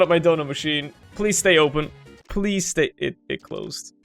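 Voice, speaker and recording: A man giving casual commentary on his own gameplay, swinging between low grumbling and loud frustrated outbursts. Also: moderate pace, vocal fry, faint music behind.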